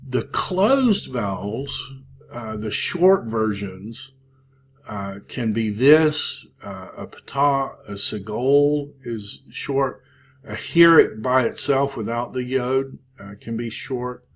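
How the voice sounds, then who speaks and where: A man teaching a Hebrew grammar class, talking slowly with many pauses and fillers. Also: medium pitch, expressive, slight background noise. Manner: slow, halting, many fillers. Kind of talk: classroom lecture.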